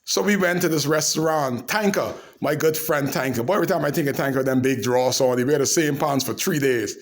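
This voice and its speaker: A man telling animated, laugh-filled anecdotes to the camera in a casual way. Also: on the high side, a little fast. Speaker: storyteller.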